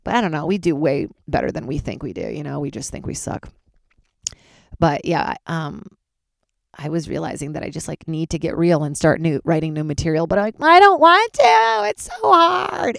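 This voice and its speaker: A woman in her thirties, a comedian, chatting alone from her closet, candid and swearing, sounding tired and jumping into high squeaky voices for her own reactions. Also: a little fast, vocal fry, mellow, dry recording, studio quality. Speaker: comedian podcast host. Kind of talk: casual solo chat.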